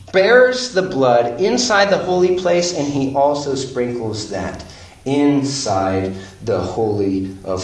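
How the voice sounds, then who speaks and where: A preacher delivers an expository sermon, reading scripture and pressing his points with slow, deliberate emphasis. His fairly high voice swings widely in pitch. He sounds set back from the mic in a roomy, echoing space. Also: far from the mic. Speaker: pastor.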